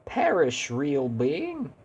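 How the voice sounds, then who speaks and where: A man voicing a grandiose, godlike male villain from a digital world, speaking slowly and theatrically in a raised voice. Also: on the high side, huge pitch swings, a little mellow, breathy edge, pitched above the performer's own voice, exaggerated voice. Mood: haughty menace. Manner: slow, lofty, theatrical delivery.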